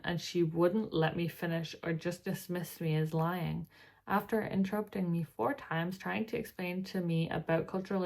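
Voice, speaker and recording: Tired Irish woman, rambling chatty vlogger. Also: fairly low pitch. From Ireland. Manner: chatty, rambling, with wry asides. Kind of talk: casual reaction vlog, reading posts aloud.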